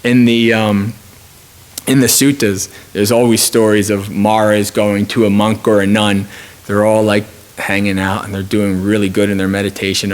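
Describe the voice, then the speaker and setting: A man's voice: on the low side, flat delivery, moderate pace. A man teaching meditation at a retreat, speaking informally and thinking aloud with frequent restarts. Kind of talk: dharma talk at a retreat.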